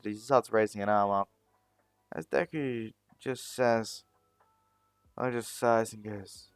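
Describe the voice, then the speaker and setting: A man's voice: lowish voice, fairly even intonation, slow, pauses often, smooth, dry recording, soft background music. A man narrating a fan story, often stopping to correct himself as he goes. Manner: rambling, self-correcting.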